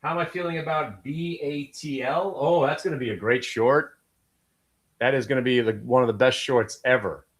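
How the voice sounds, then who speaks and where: A man's voice: mid-range voice, steady tone, normal speed. Brash Brooklyn man calling live trades. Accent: Brooklyn New York. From Brooklyn, New York. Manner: brash, profane, joking asides. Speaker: day-trading show host. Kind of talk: live trading commentary.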